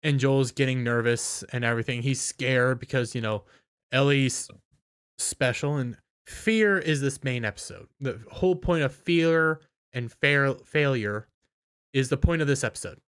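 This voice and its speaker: A tired-sounding man recaps a TV episode in a loose, rambling way, stumbling and restarting as he goes. His voice is smooth and clear at a middle pitch. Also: fairly bright tone. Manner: rambling, halting, with restarts and filler. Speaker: video reviewer. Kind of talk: casual spoken episode recap.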